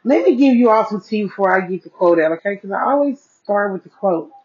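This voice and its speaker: A woman's voice: mid-range voice, animated, fairly quick, darkish tone. A woman hosting her solo podcast, chatting folksily into an earpiece mic and often checking in with "okay?". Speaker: podcast host. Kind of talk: casual solo podcast chat. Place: seated at home with devices. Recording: dull lo-fi sound.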